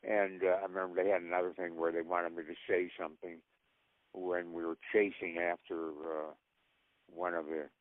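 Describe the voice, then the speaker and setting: A man's voice: low voice, little pitch movement, moderate pace, no echo. An older man, an actor, telling rambling anecdotes with frequent laughs. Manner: rambling storyteller who laughs often. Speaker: actor guest. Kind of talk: casual anecdotes. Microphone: phone. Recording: tinny phone line.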